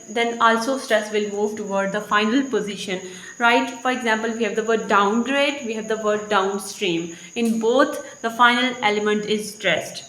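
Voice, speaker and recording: A woman's voice: a little high, fairly bright tone. A woman teacher with an Indian English accent explaining a lesson step by step, repeating her examples. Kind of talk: recorded lecture. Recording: echoey room.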